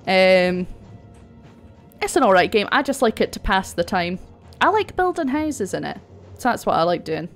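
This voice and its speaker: Young gal streaming, chatty, laughs a lot, swears a bit. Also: female voice, mid-range voice, big pitch swings, moderate pace, long pauses, faint music behind. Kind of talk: casual chat while gaming.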